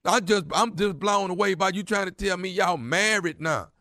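Prank call: a man playing a hotheaded jailed man, high bright voice, pushy street talk. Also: moderate pace. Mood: insistent. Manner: street slang, insistent and confrontational. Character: hotheaded male inmate calling from jail. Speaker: prank caller.

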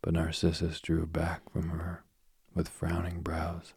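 Slow, deep, husky male reader for an old myth; soft, half-whispered delivery. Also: completely flat delivery, dry recording, clean studio sound. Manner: soft, often dropping to a whisper. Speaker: storyteller. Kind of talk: reading a myth aloud.

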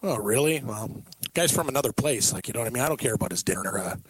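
A man co-hosting a sports radio show in casual chat, playful and sing-song, quick to agree and joke. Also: mid-range voice, animated, slightly rough.

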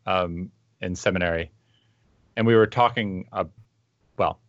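A man with a low voice talks through ideas slowly, with fillers, and gets animated as he tells a story. He sounds dry and a little dull, as if heard over a video call. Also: dry recording. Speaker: podcast co-host. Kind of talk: casual conversational discussion.

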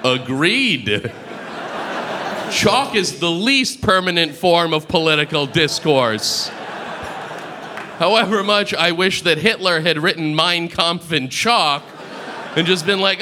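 A man performing a stand-up comedy set, with a deadpan, halting delivery full of pauses and fillers. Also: fairly high pitch, slight background noise. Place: comedy club stage with audience laughter.

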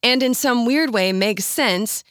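A woman hosting a radio music feature, reading scripted narration in a measured, explanatory storytelling manner. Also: on the high side, fairly bright tone, no echo, clean studio sound. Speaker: radio host.

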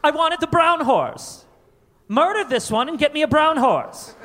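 A man's voice: extremely high pitch, expressive, measured pace, fairly bright tone, long reverb tail, voice pushed up, heavily acted. A man voicing a spoiled rich boy, whiny and petulant, making demands. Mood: whining. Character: spoiled rich boy whining to his father.

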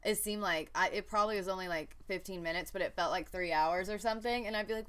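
A woman's voice: medium pitch, fairly bright tone, smooth. A woman co-hosting a casual chat, telling childhood stories with frequent laughter. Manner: giggly storyteller, quick to laugh at herself.

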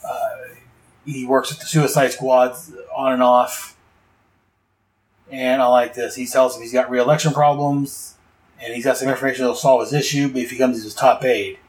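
A man's voice: medium pitch, fairly even intonation, moderate pace, rough recording. A man hosting a casual comic book podcast, recapping pages in a rambling way full of asides.

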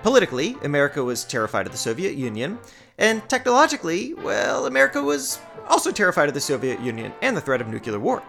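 A woman's voice: deep voice, wildly swooping pitch, fast talker, vocal fry, fairly bright tone, soft background music. A woman hosting a podcast, narrating a script with wry, playful asides. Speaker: podcast host.

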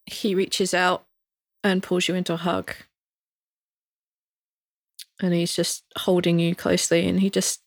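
A woman game master narrating a tabletop scene softly and hesitantly. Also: fairly low pitch, flat delivery, unhurried, long pauses, no echo, studio quality. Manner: soft, hesitant narration with fillers.

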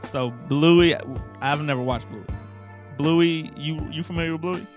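A man's voice: fairly high pitch, a little slow, soft background music. A man co-hosting a podcast, chatting casually and telling a story with lots of laughter and swearing. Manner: laughing storyteller, profane and playful. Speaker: podcast co-host. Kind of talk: casual chat.

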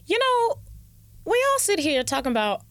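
A woman's voice: high-pitched, sing-song, normal speed, a bit bright, no echo. A woman telling a personal story in a casual chat. She laughs often and talks in a loose, heartfelt way. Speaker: guest.

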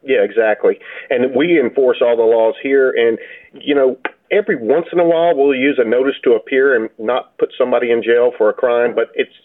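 A man, a county sheriff, answering interview questions in a steady, plainspoken way. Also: medium pitch, brisk. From Florida. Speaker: sheriff, guest. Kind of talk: phone-in interview. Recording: tinny phone line.

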